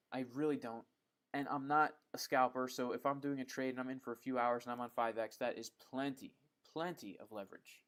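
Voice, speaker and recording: Casual man hosting a live Q&A. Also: mid-range voice. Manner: relaxed and chatty, frequent ums, calls viewers bro. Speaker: livestream host answering viewer questions.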